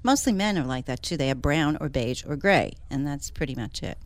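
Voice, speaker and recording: Her voice sits low, with lively intonation and a slightly fast pace, recorded without echo. She is an interior designer and a regular on a talk show, chatting casually and enthusiastically on the radio and laughing often.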